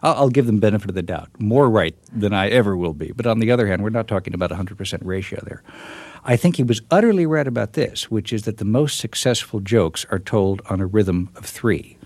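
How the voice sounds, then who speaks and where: A middle-aged man, an author, being interviewed and answering reflectively, with many halting restarts. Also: fairly low pitch, lively intonation, darkish tone, no echo. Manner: thoughtful, halting with repeated starts. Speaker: author guest.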